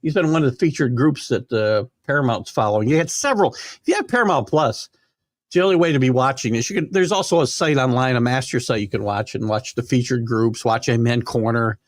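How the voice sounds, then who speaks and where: A man's voice: mid-range voice, expressive, brisk, no room sound, studio quality. An older man hosting a live sports talk show, chatting casually and rambling with fillers while reading viewer comments. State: hiccups.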